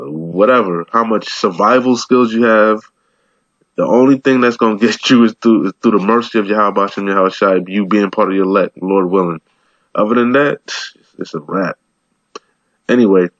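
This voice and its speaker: A man reads scripture aloud and riffs on it in a loose, slangy, rambling way. His voice sits fairly low. The sound is dry and a little muffled. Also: normal speed, fairly bright tone, no echo. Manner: streetwise, slangy, rambling, says "man" a lot. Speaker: bible teacher. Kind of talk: casual scripture commentary.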